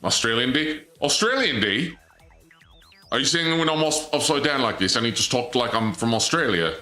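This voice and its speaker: A male game streamer with a bright, forceful tone, joking around with his chat in a loose, goofy way. His voice rings in an echoey room, and game music runs quietly underneath. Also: mid-range voice, moderate pace. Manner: goofy, joking with chat, voice jumps up when excited. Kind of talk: casual let's-play commentary.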